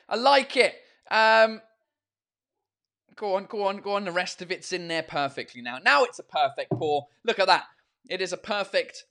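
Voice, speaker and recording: A man's voice: high voice, bright, forceful tone. A man hosting his own podcast and live show in casual chat. He rambles, swears freely and mocks himself.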